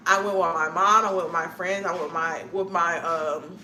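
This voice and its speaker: Young woman streamer, bright voice, loose rambling chat, echoey room with faint hum. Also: fairly low pitch, steady tone, normal speed. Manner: rambling, chatty, laughs often. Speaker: streamer chatting with viewers. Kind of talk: casual chat to live viewers.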